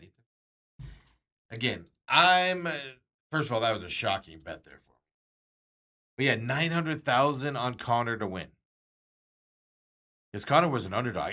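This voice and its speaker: A man's voice: medium pitch, sharp tone. A man hosting a sports talk show, chatting casually and rambling with frequent chuckles.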